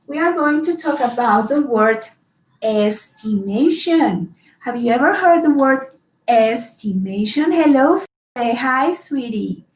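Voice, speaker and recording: A woman, teaching an online kindergarten math class in a slow, sing-song manner and greeting the children by name. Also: high-pitched, lively intonation, echoey room, low-quality recording.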